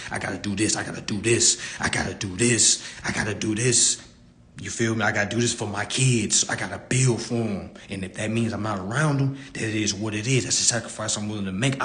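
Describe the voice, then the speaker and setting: A man's voice: mid-range voice, a bit bright. A man giving a casual live-stream talk into a phone, blunt and preachy, repeating his points and cursing freely.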